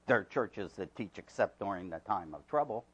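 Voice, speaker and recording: A man preaching a sermon as pastor. He swings from hushed asides to loud, emphatic preaching and repeats key words for emphasis. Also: on the low side, lively intonation, normal speed, slightly rough, lo-fi sound.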